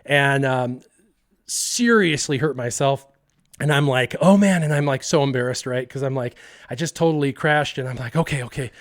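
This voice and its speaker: A man hosts a livestream and tells a story to his chat in a casual, animated way. He acts out the people in the story and fills his talk with "um" and "like". His voice sits at an everyday pitch for a man. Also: normal speed. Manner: many fillers like "um" and "like". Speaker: streamer host.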